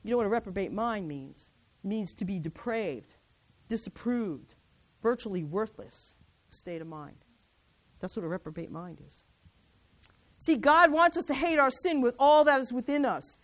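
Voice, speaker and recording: Middle-aged woman speaker with a high voice, delivering an exhortation sermon full of rhetorical questions. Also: normal speed, pauses often. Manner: exhorting, rhetorical questions, reads scripture aloud. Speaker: women's ministry speaker.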